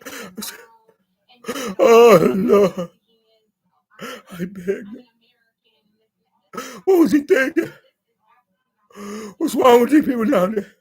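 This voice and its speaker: A man putting on a rambling, tearful, self-pitying young man in a satirical impression monologue on his vlog, stammering through repetitions and drawn-out pleading. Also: very high voice, a little mellow, breathy edge, heavily acted. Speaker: vlogger.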